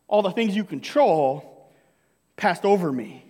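A man's voice: high-pitched, expressive, unhurried, long pauses, dark tone, big-room sound. A male pastor preaching a sermon to his congregation, joking and often checking in with "right?". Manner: jokey, keeps asking the congregation "right?". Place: church sanctuary.

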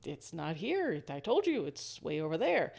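A woman's voice: sits low, wildly swooping pitch, moderate pace, creaky, darkish tone, breathy edge, heavily acted. A woman voicing a weary, patient scent-detection dog that speaks in a dry, long-suffering, matter-of-fact way to its handler. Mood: exasperated.

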